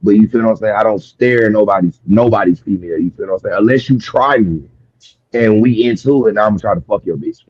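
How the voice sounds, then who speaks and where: Husky low-voiced man rambling. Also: fast, dry recording, lo-fi sound. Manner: rambling, profane, many restarts and fillers. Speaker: interviewee. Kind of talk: casual street interview storytelling. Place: outdoors on a city street.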